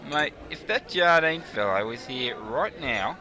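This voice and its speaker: A man's voice: mid-range voice, animated, a little slow, pushed and bright. A man with a broad Australian accent bantering with the host, asking cheeky questions. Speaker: sidekick.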